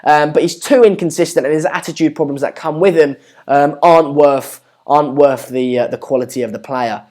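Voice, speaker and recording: A British man hosts a football watchalong from his home streaming setup and talks casually. His voice sits a little on the high side, and he reads viewers' comments aloud between loose, filler-heavy remarks. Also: steady tone, fairly quick, darkish tone. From Britain. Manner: chatty, reads out viewer comments with many ums. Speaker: livestream host.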